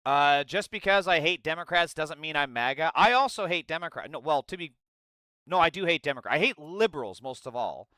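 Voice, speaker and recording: A man's voice: on the high side, lively intonation, fairly quick, sharp tone, no room sound. A young adult man streaming live, reading out his chat and ranting about politics in a sarcastic, crude way. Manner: mocking impressions in a goofy voice.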